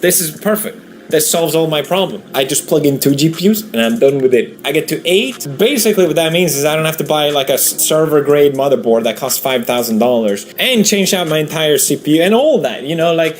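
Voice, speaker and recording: A man's voice: fairly high pitch, lively intonation, brisk. A man hosting a gameplay video, talking casually and animatedly, ranting with exasperation and laughing at himself. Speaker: gaming video host. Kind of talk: casual commentary over gameplay.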